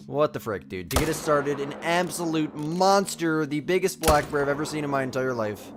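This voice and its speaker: A man's voice: on the high side, expressive, moderate pace, hardly any pauses, soft background music. A young man chatting casually on a live gaming stream, reading chat and talking through a nagging cough. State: sick with a cough.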